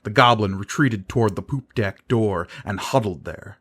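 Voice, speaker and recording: A man narrating a fantasy audiobook in a measured, dramatic reading style. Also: lowish voice, fairly bright tone.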